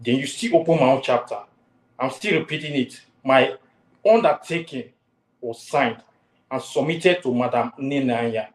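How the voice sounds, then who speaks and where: A man lecturing hard on a talk show, hammering the same warnings again and again. His voice sits at an ordinary pitch, and the room rings with echo around it. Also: moderate pace. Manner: forceful, repetitive warnings. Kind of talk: heated online talk show.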